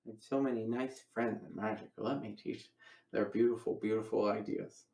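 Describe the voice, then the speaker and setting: A man's voice: on the low side, steady tone, brisk, vocal fry, a little mellow, reverberant, low-quality recording. A man teaching a coin magic routine in a casual online lecture, explaining each step and acting out his patter. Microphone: online voice call.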